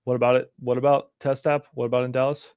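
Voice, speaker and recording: A man's voice: mid-range voice, flat delivery, fast, a little mellow, clear, resonant tone, no echo, highs cut off. A young man hosting a casual livestream, talking bluntly and animatedly, with frequent swearing. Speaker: livestream host.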